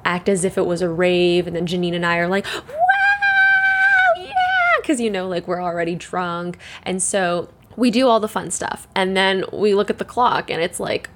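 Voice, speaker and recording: A woman's voice: on the low side, steady tone, normal speed, hardly any pauses, a little hiss or hum. A young woman, hosting a casual solo chat, rambling with lots of "like", swearing and laughing. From Canada.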